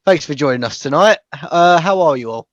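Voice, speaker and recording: Co-host on a video call, easygoing questions, dry close sound. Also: male voice, a little high, animated, brisk, fairly bright tone, no room sound, lo-fi sound. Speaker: podcast co-host. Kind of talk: casual interview.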